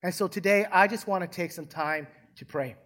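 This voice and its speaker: A man's voice: sits high, moderate pace, a bit bright. Fervent male pastor preaching. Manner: preaches with rhetorical questions and call-and-response. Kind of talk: sermon. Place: church sanctuary.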